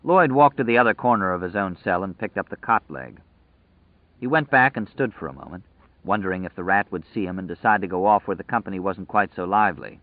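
A man narrating a story in a measured, vivid storytelling manner, over tinny phone-like audio. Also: low-pitched, lively intonation, no room sound. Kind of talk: scripted narration.

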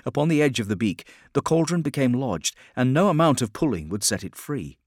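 A man reading a grim dark fantasy story in a steady, measured narration. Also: mid-range voice, no echo, studio quality. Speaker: audiobook narrator. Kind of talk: scripted narration.

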